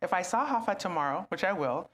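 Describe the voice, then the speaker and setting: A woman gives an animated talk to a gathered audience, her pitch leaping and falling as she acts out small scenes. She keeps turning to the listeners with questions. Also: quick pace. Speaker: guest speaker. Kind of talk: lively talk to a live audience.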